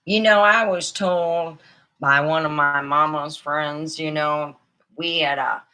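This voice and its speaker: A woman's voice: low voice, fairly even intonation, takes it slowly, pushed and bright. A middle-aged woman telling rambling comic stories in a chatty, meandering way. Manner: chatty, meandering, many fillers. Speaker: comedian. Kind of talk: rambling stand-up storytelling.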